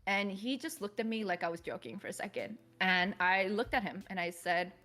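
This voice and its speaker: A woman guest on a podcast, calmly recounting a personal story in a measured, reflective way. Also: medium pitch, soft background music. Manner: calm, measured, reflective retelling.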